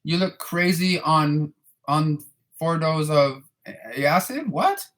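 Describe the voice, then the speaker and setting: Speaking slowly, a man in his thirties answers questions from viewers in casual chat. The voice is slightly high, fairly bright, and steady in tone, while his talk wanders, includes profanity, and keeps circling back through repeats and restarts.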